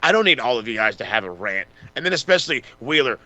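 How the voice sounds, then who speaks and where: A man co-hosting a podcast, casually recapping wrestling with lots of swearing and quick mocking impressions of the wrestlers. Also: medium pitch, very animated, bright, forceful tone, dry recording. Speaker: podcast co-host.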